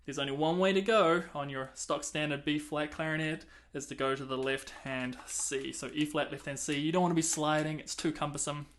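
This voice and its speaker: A man's voice: a little high, fairly even intonation, brisk, few pauses. A man teaching clarinet, counting and singing rhythms aloud between casual explanations. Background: clarinet playing between talk.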